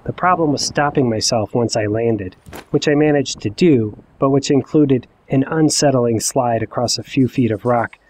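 A man in his forties telling a personal story in the first person, with wry, self-mocking, deadpan asides. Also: mid-range voice, moderate pace, a little hiss or hum. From Ohio. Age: 40s. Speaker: narrator.

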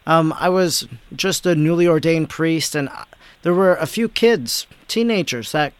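A man's voice: a little high, measured pace, clear, resonant tone, no echo. A man, a priest, hosting an interview, reflecting thoughtfully and asking questions. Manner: reflective, thoughtful with some restarts. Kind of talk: interview conversation.

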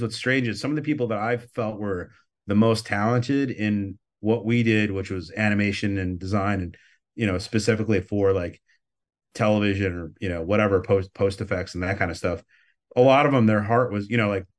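A man talking as a podcast guest, telling stories in a rambling, easygoing way and swearing often. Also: on the low side. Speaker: guest, record label owner. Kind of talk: casual interview storytelling.

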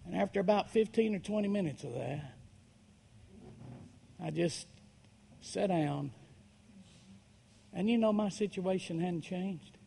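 A man preaching a story-driven sermon, dropping to a hush and then rising to loud, dramatic swells. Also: high-pitched, measured pace, vocal fry, long pauses, slight background noise. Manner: dramatic, swings from hushed to shouting.

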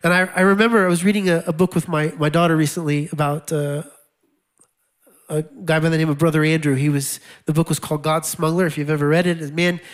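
A man's voice: a little high, little pitch movement, fast. A male pastor preaching a sermon in a conversational way, with wry laughs and repeated key lines.

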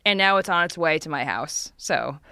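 A woman's voice: low voice, lively intonation, moderate pace, bright, forceful tone, smooth, dry recording. A woman co-hosting a podcast in casual chat, giggly and chatty with lots of fillers. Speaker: podcast co-host.

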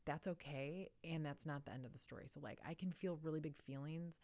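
Woman, low voice, thoughtful, laughs often, dry close sound. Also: brisk, warm tone, dry recording. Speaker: podcast co-host. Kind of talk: casual conversation.

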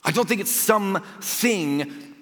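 A man preaching a sermon from the stage, talking in an animated, chatty way that swings between loud bursts and hushed asides. His voice sits a little high and sounds bright and forceful. The sound carries the long reverb of a large church hall. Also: slow. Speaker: pastor. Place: church auditorium.

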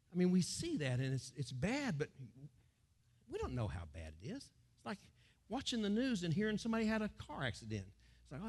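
A middle-aged man from the United States, preaching a sermon as pastor and acting out crowds and quotes in sudden loud bursts. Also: high-pitched, husky.

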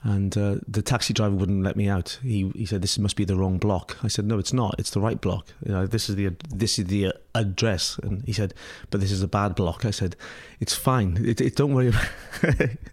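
A man's voice: lowish voice, steady tone, brisk, hardly any pauses, a little mellow. A middle-aged Scottish man, an interview guest, telling a story casually with many restarts, fillers and laughs. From Scotland.

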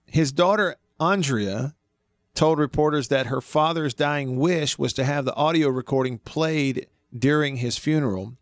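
A man's voice: fairly high pitch, unhurried, dry recording, clean studio sound. A male sports radio host chatting casually on air and laughing often as he tells a story. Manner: laughs often while telling stories. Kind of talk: casual radio show chat.

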